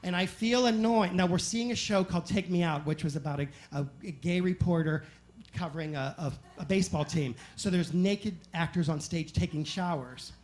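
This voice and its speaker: A man telling animated, self-mocking stories as a stand-up comedian on a club stage. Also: high-pitched. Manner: animated, self-mocking anecdotes with quick asides. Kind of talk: stand-up storytelling.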